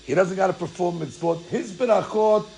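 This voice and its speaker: A man, a rabbi, teaching a Torah class in an animated, joking way, acting out bits of dialogue. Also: high voice, moderate pace, creaky, a little hiss or hum.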